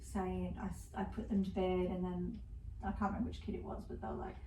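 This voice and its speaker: A woman's voice: on the low side, little pitch movement, a little fast. A middle-aged woman co-hosting a casual podcast chat, telling rambling stories about her day with a laugh here and there. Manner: chatty, rambling storyteller with frequent laughs. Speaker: podcast co-host. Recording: roomy, distant mic with faint background hiss.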